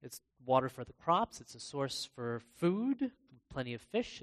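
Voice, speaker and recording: A man preaching a sermon in a conversational way, pausing and restarting as he reads scripture aloud. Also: mid-range voice. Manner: bursts into loud, excited acted-out exclamations.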